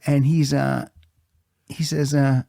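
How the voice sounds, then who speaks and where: A man hosting a podcast, telling a story in a lively, laughing way. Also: medium pitch, slow, gravelly, no room sound, clean studio sound. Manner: animated storyteller, laughs often. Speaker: podcast host. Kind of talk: casual podcast chat.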